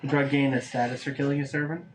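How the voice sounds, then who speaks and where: A man playing a tabletop game, casual and lively, swinging between deadpan and exclaiming. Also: medium pitch, fast, slight background noise. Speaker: player.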